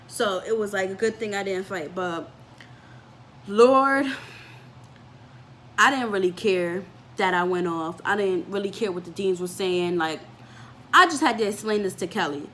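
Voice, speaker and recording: A young woman vlogger telling a story from her life in a casual, animated way, with lots of "like" and acted-out voices. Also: mid-range voice, measured pace, pauses often, slight background noise. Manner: animated storytelling, fillers with "like", acts out quoted voices.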